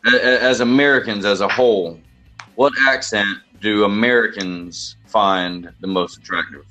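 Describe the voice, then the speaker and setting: A man's voice: lowish voice, fairly even intonation, moderate pace, bright, forceful tone, dull audio, soft background music. A man with a Southern US accent hosting a casual podcast chat, rambling and joking with many restarts. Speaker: podcast host.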